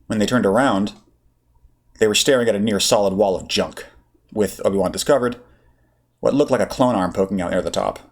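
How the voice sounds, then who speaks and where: A man narrating a fan fiction story aloud with a steady, expressive read. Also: fairly low pitch, fairly quick, pauses often. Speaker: audiobook reader.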